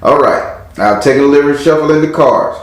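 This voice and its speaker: A man giving a casual spiritual tarot reading in a relaxed way, chanting words over and over as he reads the cards. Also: medium pitch, brisk. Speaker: tarot card reader. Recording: very echoey room.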